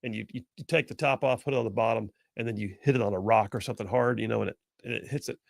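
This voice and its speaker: Guy hosting talk radio, gravelly voice, dry close mic, folksy and jokey. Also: fairly low pitch, rapid-fire, dry recording. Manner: folksy storyteller, jokey asides. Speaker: radio talk show host. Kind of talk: casual call-in talk radio chat.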